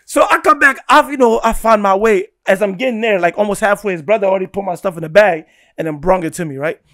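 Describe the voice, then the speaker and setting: A young man from Guinea, a podcast guest telling a story in casual chat, animated and laughing, often checking in with "right?". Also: sits high, fast talker.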